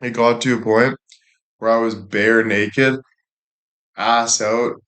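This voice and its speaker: A man's voice: mid-range voice, fairly even intonation, takes it slowly, a bit bright. A young man chatting casually and crudely, rambling and laughing often. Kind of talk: casual chat.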